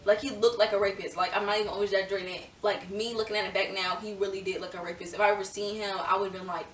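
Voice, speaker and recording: A young woman telling a storytime vlog in a chatty, animated way, full of fillers. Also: medium pitch, rapid-fire. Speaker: vlogger. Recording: echoey room, a little far from mic.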